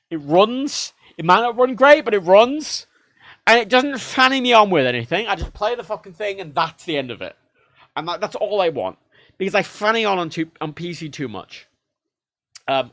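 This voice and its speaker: A man on a livestream rants about game consoles in a lively, sing-song way, swearing freely. His voice sits a little high for a man, and the sound is close and dry, with no room in it. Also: dry recording. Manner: animated, heavily profane, mimics devices in quoted voices. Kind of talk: casual ranting monologue.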